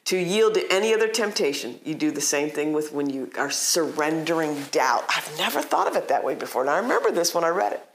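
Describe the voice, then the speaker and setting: A woman's voice: low-pitched, big pitch swings, a little fast, few pauses, slight background noise. A middle-aged woman gives a devotional teaching in an earnest, emphatic way. She often slips into acted-out prayers. Her voice rings in an echoey room. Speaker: Christian teacher.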